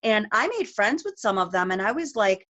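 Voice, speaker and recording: A middle-aged woman speaks as a guest on a group call, telling a personal story. She talks quickly and with feeling, and her sentences are full of fillers and restarts. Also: mid-range voice, lively intonation, a bit bright, dull audio. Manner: emotional, rapid storytelling with many fillers.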